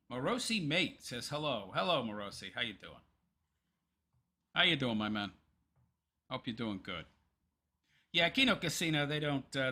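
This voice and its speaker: Bright-voiced rambling male streamer. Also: mid-range voice. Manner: rambling, hesitant, many ums and restarts. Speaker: livestream commentary host. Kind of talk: casual livestream commentary.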